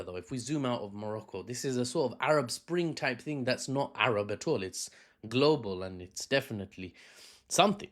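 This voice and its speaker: A man with a British accent giving an unscripted news analysis vlog, chatty and prone to rambling asides and self-corrections. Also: mid-range voice. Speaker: news commentator.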